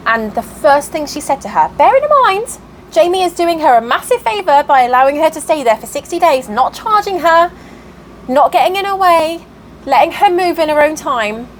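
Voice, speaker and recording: A woman vlogger telling a long personal story in casual chat, animated and exasperated. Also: sits high, normal speed, a little hiss or hum, rough recording. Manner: animated, exasperated, acts out quoted voices. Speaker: cross-stitch vlogger.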